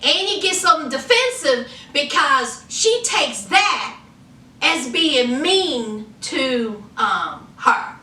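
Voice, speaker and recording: A very high, bright woman's voice swoops all over as she dishes on a reality show, sassy and chatty and quick to laugh. She takes her time with each line. The sound is roomy and echoey, with the mic set a little away from her. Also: expressive, far from the mic. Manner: chatty, sassy, laughs often, calls viewers honey. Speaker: reality TV reviewer. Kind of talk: casual episode recap.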